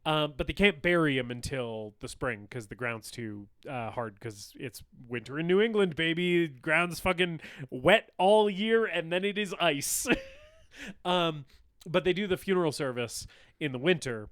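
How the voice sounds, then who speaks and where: A young man with a lively, smooth and resonant voice, co-hosting a casual film podcast. He talks in an animated way, laughs often and acts out scenes. The sound is dry and close. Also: a little high, measured pace, dry recording. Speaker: podcast co-host.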